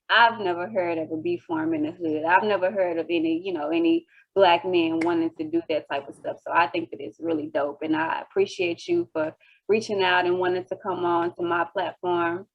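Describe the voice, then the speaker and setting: A woman's voice: lowish voice, dull audio. A woman hosting a casual interview show, speaking in an encouraging, chatty way with many "you know"s. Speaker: host.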